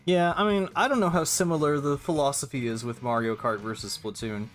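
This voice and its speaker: A man's voice: fairly high pitch, brisk, soft background music. A young man streaming a game, chatting casually and hesitantly, answering chat between plays.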